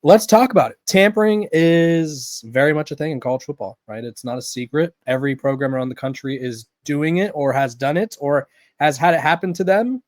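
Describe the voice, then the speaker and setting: A man's voice: a little high, a little fast, no room sound. A man hosting a daily college football podcast, talking in a loose, conversational way with fillers and restarts. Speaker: podcast host. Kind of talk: casual sports podcast commentary.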